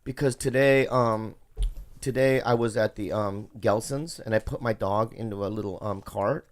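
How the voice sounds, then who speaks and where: A man in his thirties hosting a casual podcast, telling stories in an animated way and swearing freely. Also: fairly low pitch, normal speed. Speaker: podcast host.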